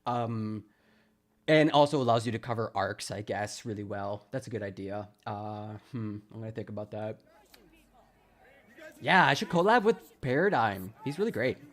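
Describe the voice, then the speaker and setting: In casual livestream commentary, a Wisconsin man trades sarcastic jokes and frequent laughs with his viewers. He speaks at a moderate pace in a fairly low voice with a fairly bright tone.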